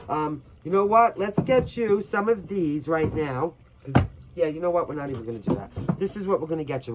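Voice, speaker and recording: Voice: medium pitch, dull audio, a little hiss or hum. A tarot reader from Brooklyn giving a casual reading, blunt and chatty, swearing freely. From New York, Brooklyn.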